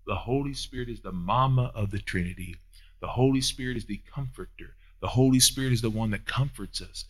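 A man preaching a sermon as pastor, with a folksy manner, swinging from loud high peaks down to soft hushed asides. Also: fairly quick. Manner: folksy, uses down-home phrasing.

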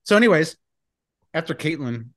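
Animated man telling a profane story. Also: fairly high pitch, normal speed. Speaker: podcast co-host. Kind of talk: casual chat.

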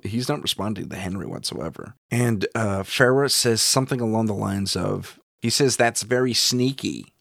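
A man's voice: deep voice, gravelly, husky, dry recording, clean studio sound. A middle-aged man, a paranormal investigator, recounting a ghost investigation in a wry, chuckling way.

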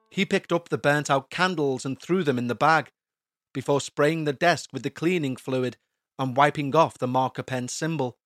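A man narrating a scripted horror story in a slow, measured, tense way. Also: fairly high pitch, a bit bright. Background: faint background music.

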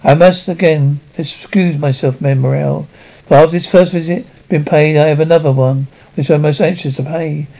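A man's voice: fairly high pitch, fairly even intonation, moderate pace, creaky, warm tone. A man voicing a kindly older shipowner who speaks to his sailor in an encouraging way. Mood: genial. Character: kindly older male shipowner, generous employer. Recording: dull lo-fi recording.

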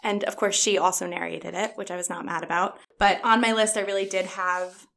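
A woman talking in a chatty, enthusiastic way, breaking into laughter often. She is a children's librarian on a podcast, and her pitch sits in an ordinary middle range. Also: fairly even intonation, fairly quick, gravelly, a bit bright. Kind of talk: casual podcast chat.

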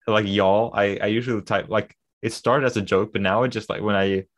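A man's voice: on the low side, fairly even intonation, a little fast. A man from Sweden, a native Swedish speaker with an American-leaning English accent, chatting hesitantly as a podcast guest. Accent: Swedish-influenced American English. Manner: hesitant, many restarts and fillers. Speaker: podcast guest, digital artist. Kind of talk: casual podcast chat.

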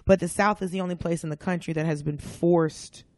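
A man talking as a guest in a casual conversation, blunt and swearing freely, in quick bursts with restarts. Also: a little high, fairly even intonation, no room sound, clean studio sound.

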